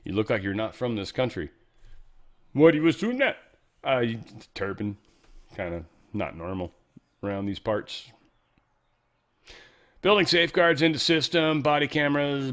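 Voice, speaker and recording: A man's voice: medium pitch, big pitch swings, moderate pace, long pauses, fairly bright tone. A man hosting a show, giving casual news commentary in a sarcastic, profane, ranting way. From California. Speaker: show host.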